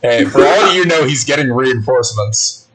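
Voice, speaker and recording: A man's voice: mid-range voice, lively intonation, normal speed, over a noisy crowd, rough recording. A man narrating as game master in a playful, swearing way, laughing often. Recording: loud background noise.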